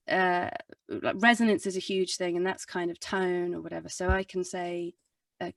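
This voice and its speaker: A woman's voice: lowish voice, dry recording, distant mic. A young adult woman, a singer and vocal coach, explaining in a rambling, chatty way with lots of fillers and self-corrections. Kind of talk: casual explanatory talk in a video interview.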